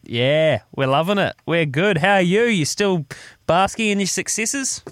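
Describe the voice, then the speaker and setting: Brief: Kiwi radio host, man, slightly higher voice, dry close studio sound, easygoing. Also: unhurried, dry recording. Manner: relaxed, conversational. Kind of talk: breakfast radio hosting.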